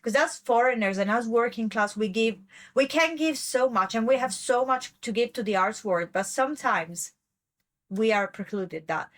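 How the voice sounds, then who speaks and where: Bright-voiced woman ranting in commentary. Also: on the high side, moderate pace. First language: not English. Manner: ranting, rambling, emphatic; self-correcting, frequent fillers. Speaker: podcast host. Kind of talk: casual commentary.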